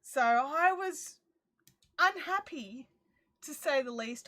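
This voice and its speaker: A woman's voice: high voice, slow. A woman hosting a crafting livestream from her backyard shed, chatting casually and acting out her own lines as she tells a story. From Australia. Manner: chatty and animated, acts out her own quotes. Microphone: phone.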